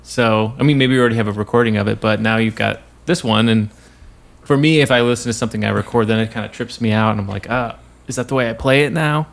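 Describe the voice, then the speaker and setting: A man's voice: on the low side, fairly even intonation, fast talker, creaky. A man co-hosting a podcast, easygoing and talking in long run-on thoughts. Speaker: podcast co-host. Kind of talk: casual chat.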